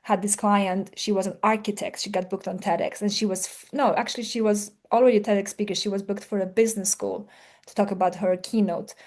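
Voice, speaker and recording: A woman's voice: medium pitch, level tone, a little fast, darkish tone. A woman business coach giving a live talk to a group, earnest, often rephrasing herself mid-sentence and acting out her clients' worried thoughts.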